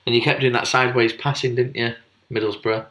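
Young man, podcast co-host, teasing jokey banter, bright clear voice. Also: mid-range voice, flat delivery, brisk. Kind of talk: casual chat.

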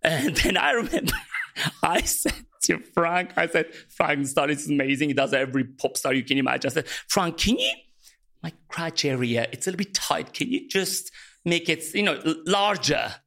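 A man telling his life story as an interview guest, animated, laughing often and acting out quotes. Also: on the high side, normal speed, creaky. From Armenia. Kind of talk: emotional storytelling.

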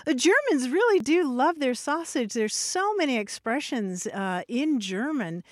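A woman's voice: high voice, big pitch swings, a little slow, dry recording. Cheerful woman radio co-host, dry studio sound. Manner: cheerful, explains word lore with laughs. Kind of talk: casual radio chat.

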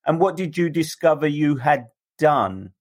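A man hosting a podcast interview, asking questions haltingly with several restarts. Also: fairly high pitch, animated. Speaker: host.

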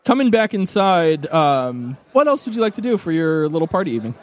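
A man narrating a tabletop game as game master, animated and playful, often laughing. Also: a little high, fairly quick.

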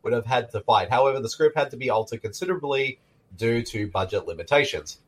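A man's voice: medium pitch, expressive, fast. A man casually riffing on an old film with friends, sharing trivia and joking. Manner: jokey, shares trivia, laughs often. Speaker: film commentary co-host.

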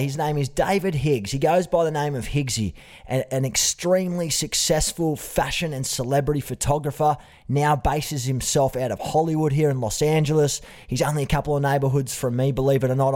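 Aussie bloke hosting a podcast, chatty and friendly, mid-pitched voice. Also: male voice, darkish tone. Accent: Australian. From Australia. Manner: friendly, matey, uses "mate" often. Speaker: podcast host. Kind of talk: podcast interview.

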